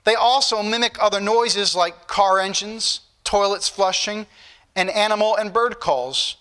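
Man, pastor, sermon, high voice, bright tone, reads scripture to the congregation. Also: normal speed. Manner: reads scripture aloud in King James wording; addresses the congregation directly.

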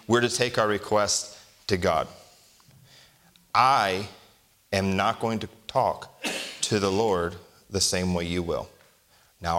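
A male pastor delivering a sermon in a fairly low voice. He reads scripture slowly and deliberately, then talks to the congregation in an easy, conversational way, full of rhetorical questions. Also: fairly bright tone. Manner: slow, deliberate scripture reading.

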